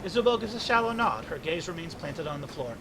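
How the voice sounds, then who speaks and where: A man's voice: fairly high pitch, very animated, fast, noisy background. A man reading a game's story text aloud as the let's play narrator.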